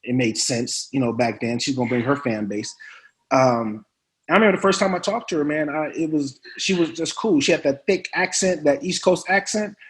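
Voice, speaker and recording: A man in a relaxed interview, spinning animated on-set stories in casual slang. His voice sits slightly high for a man. He chuckles often and jumps into other people's voices when he quotes them. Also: normal speed. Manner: animated anecdote-telling, slangy and laughing; mimics others with sharp pitch jumps. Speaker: actor guest.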